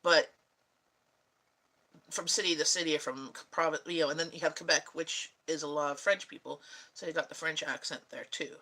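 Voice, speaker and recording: Bright-voiced chatty woman. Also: low-pitched, fairly even intonation, moderate pace, rough recording. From Canada. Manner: rambling and chatty, laughs often. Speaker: vlogger. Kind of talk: casual chat answering viewers.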